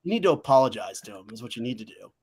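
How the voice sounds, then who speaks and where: A man's voice: mid-range voice, sing-song, rapid-fire, a crowd in the background. A man co-hosting a sports talk show, talking in a crude, blunt, mocking way. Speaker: podcast co-host.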